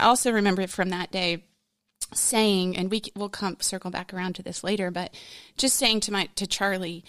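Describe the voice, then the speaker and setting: A woman's voice: lowish voice, fairly bright tone, no room sound, studio quality. Frank woman recounting a loss. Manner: frank, candid, rambling with fillers. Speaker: podcast guest. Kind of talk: personal storytelling in conversation.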